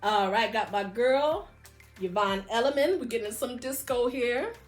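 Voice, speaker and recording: A woman's voice: on the high side, a little slow, soft background music. A middle-aged woman casually showing off her vinyl singles, enthusiastic and gushing, now and then singing a line along. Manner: enthusiastic, gushing, breaks into short sung snippets. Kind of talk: casual record show-and-tell.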